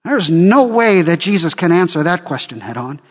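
Man preaching a sermon, high voice, slow and deliberate, long church echo. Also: big pitch swings. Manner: dramatic, acts out quotes. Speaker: pastor.

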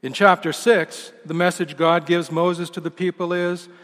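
A male pastor delivering a sermon in a measured, emphatic way, letting each phrase sink at its close. His voice sits a touch high for a man. It rings out with a long reverb through a large church hall. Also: flat delivery, a bit bright. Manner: measured, emphatic delivery with falling line endings.

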